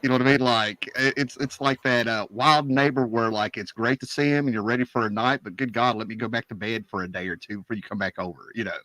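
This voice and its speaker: A man's voice: medium pitch, fairly even intonation, fast talker, hardly any pauses, sharp tone, no room sound, rough recording. A man hosting a livestream, talking casually with enthusiastic, slangy energy. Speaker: livestream host. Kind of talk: casual chat.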